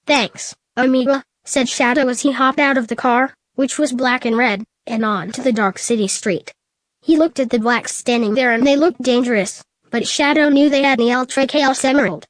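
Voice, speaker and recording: A woman reading a fan story aloud in a flat, matter-of-fact way. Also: fairly high pitch, normal speed, dry recording. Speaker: narrator.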